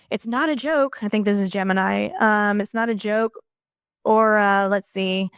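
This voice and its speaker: A woman chatting as a podcast guest, excited and rambling, with many fillers. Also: fairly high pitch, clear, resonant tone, dry recording, studio quality. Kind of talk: casual chat.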